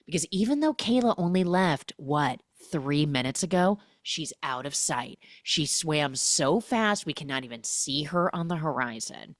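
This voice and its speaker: A woman with a low, grounded voice hosts a casual podcast recap. She tells the story in a chatty way and jumps into the characters' lines with sudden swings in pitch. The sound is close and dry, with no room around it. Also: lively intonation, measured pace, hardly any pauses, no echo. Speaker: podcast host recapping a film.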